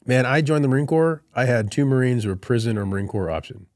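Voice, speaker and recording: A man's voice: mid-range voice, expressive, quick pace, darkish tone, no echo, clean studio sound. A middle-aged man, a Marine colonel, telling stories in a podcast conversation and laughing through his anecdotes.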